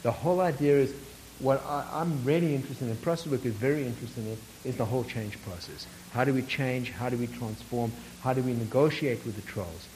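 A man's voice: mid-range voice, fairly quick, darkish tone, a little hiss or hum, rough recording. A man leading a workshop, telling a story to the group, asking them questions and chuckling often. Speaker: workshop facilitator.

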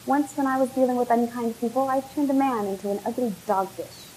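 A calm, commanding spirit boy from a told folk tale, as a woman storyteller puts him on. He speaks in measured, solemn pronouncements. A faint hiss sits under the voice. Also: a little high, pitched above the performer's own voice, close to an everyday voice, poor audio.

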